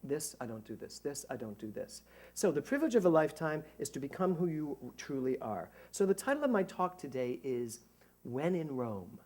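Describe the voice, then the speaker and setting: A middle-aged man, a minister, giving a conversational sermon to a congregation, animated and joking at his own expense. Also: on the high side, normal speed. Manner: animated, jokey, self-mocking. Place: church service before a congregation.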